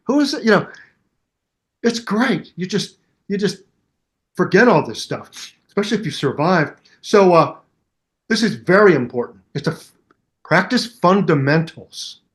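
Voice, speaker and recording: Animated older man telling stories. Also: a little slow, long pauses. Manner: animated storyteller who scats bass lines aloud. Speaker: bass teacher and musician guest. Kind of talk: casual storytelling interview.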